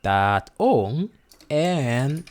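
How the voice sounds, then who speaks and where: A man's voice: mid-range voice, very animated, extremely slow. A man whose first language is Spanish teaches a casual lesson, hesitating and repeating words to model pronunciation.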